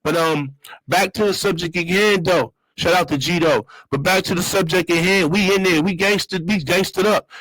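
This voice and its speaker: A man's voice: sits high, normal speed, a bit bright, dry recording, poor audio. A man hosting his own show, telling a loose, slang-heavy story in a casual monologue and repeating his phrases. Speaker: show host.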